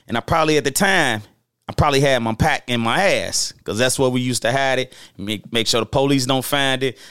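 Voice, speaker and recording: A man telling stories from his past in a casual, slang-heavy way, animated and jumping into the voices of the people in them. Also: medium pitch, smooth, dry recording, studio quality. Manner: animated, acts out quoted voices, loose slang-heavy talk with restarts. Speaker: storyteller host. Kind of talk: casual street storytelling.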